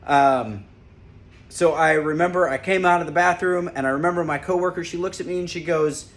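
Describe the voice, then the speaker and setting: A former corrections officer with a fairly high voice speaks briskly to camera. He casually tells a lighthearted personal story, laughing as he recalls it.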